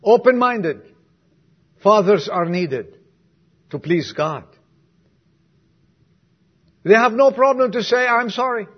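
A man preaching a sermon to his congregation, swinging from emphatic lines to soft, quiet asides and putting questions to the listeners. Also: sits high, lively intonation, slow pace, pauses often, husky, dull audio. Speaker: pastor.

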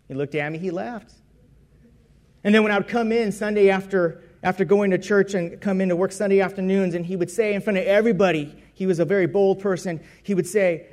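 A man's voice: high voice, steady tone, brisk, darkish tone. A man preaching a personal testimony sermon, telling his story in a conversational way and correcting himself as he goes.

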